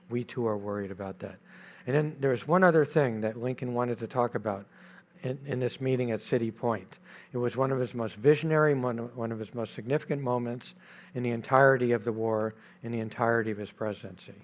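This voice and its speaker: A man giving a talk about his history book, telling it dramatically with repeated phrases, some fillers and restarts. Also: medium pitch. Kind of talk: lecture-style history talk. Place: festival stage.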